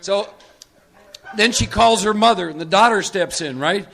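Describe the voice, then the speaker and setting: Bright, emphatic man leading a workshop. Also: high voice, normal speed, gravelly. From Texas. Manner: emphatic, teasing, asks for agreement. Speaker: recovery workshop speaker. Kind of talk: live workshop talk.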